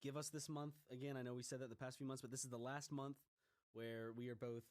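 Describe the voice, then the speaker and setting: A man's voice: medium pitch, flat delivery, fast. A young man co-hosting a podcast in loose, rambling casual chat. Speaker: podcast co-host.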